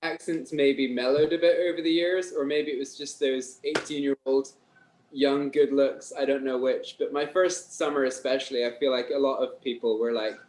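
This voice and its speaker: A man's voice: mid-range voice, normal speed, a little hiss or hum, low-quality recording. A Scottish man in his thirties chatting as a podcast guest. He tells stories at an easy pace and chuckles often. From Scotland. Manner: relaxed, chuckling storyteller. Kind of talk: casual podcast chat.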